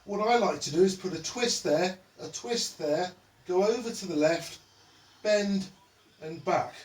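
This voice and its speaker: Man, high voice, relaxed instructor, echoey room, mic some way off. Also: measured pace, distant mic. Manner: playful, names each stretch after a football player. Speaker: exercise instructor. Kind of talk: home stretching tutorial. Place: indoors at home.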